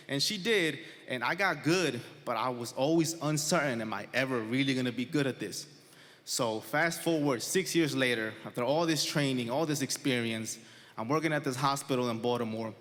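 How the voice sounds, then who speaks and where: A man in his twenties telling a true story live on stage to an audience, conversational and animated, laughing between lines. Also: mid-range voice, normal speed. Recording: live stage recording with long hall reverb.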